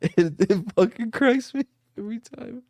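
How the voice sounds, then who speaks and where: A man's voice: extremely high pitch, animated, normal speed, dark tone, no echo. A playful man co-hosting a live podcast, his voice rising and falling a lot as he jokes. The sound is dry and close. He keeps slipping into silly accents. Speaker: podcast co-host. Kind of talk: casual chat.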